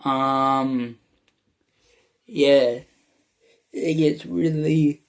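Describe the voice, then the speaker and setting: Young guy with a Michigan accent, unhurried delivery, meandering casual vlog chat. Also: medium pitch, fairly even intonation. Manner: meandering, full of fillers and restarts. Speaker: YouTuber. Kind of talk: casual rambling vlog talk.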